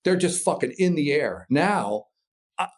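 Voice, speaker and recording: A man from Minnesota, a podcast guest, tells a story in a loose, animated way. He swears freely and acts out noises as he goes. His voice sits at a middle pitch. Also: normal speed. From Minnesota, USA. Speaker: podcast guest, paraglider pilot. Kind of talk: casual storytelling.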